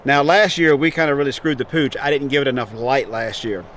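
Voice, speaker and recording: Teasing home-garden vlogger, man, mid-pitched, dry humor, faint hiss. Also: a little fast, a bit bright. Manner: wry, teasing, talks while planting. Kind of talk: casual joking chat. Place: basement seed-starting setup.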